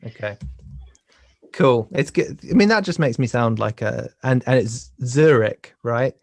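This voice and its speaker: A man hosting a conversational podcast interview, halting and often repeating words as he talks. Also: medium pitch, sing-song, creaky, no room sound. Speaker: podcast host.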